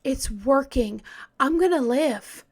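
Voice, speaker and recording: A woman's voice: high-pitched, expressive, slow, darkish tone, full character voice. A woman voicing a terrified young woman who is desperate to survive, in a breathless way.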